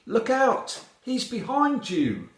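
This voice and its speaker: Shrill little warning animals, as a man puts them on. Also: huge pitch swings, takes it slowly, roomy sound, exaggerated voice. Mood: alarmed. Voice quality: high, shrill shouting.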